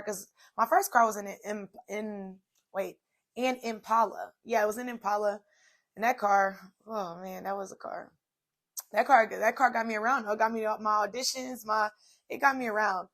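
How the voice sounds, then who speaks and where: A woman's voice: a little high, a bit bright. A woman in her twenties hosting a solo podcast, telling a personal story in a chatty, casual way with many fillers. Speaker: podcast host.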